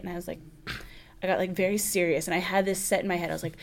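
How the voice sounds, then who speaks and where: A woman's voice: fairly low pitch, level tone, racing, creaky. A theatrical woman in her thirties chats as a guest and spins her stories with flair. She laughs often and swings into big, dramatic statements. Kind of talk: casual chat.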